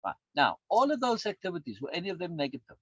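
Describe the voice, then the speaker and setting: A man leading a course in a conversational teaching style, rambling and repeating words, with his pitch swinging up and down. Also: wildly swooping pitch, quick pace, a bit bright, slightly rough, no room sound. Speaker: course instructor. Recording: dull lo-fi dry recording.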